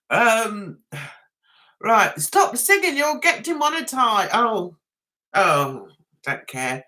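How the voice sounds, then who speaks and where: A woman's voice: on the high side, very animated, very slow, pauses often, sharp tone. A woman with a London accent touched by Essex, hosting a casual live chat and talking to viewers in a chatty, sarcastic, teasing way. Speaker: livestream host.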